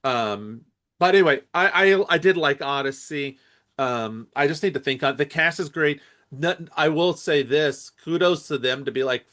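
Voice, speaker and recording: A man's voice: a little high, moderate pace, fairly bright tone. A man co-hosting a podcast, chatting casually about movies, rambling and hesitant with lots of fillers. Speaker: podcast co-host.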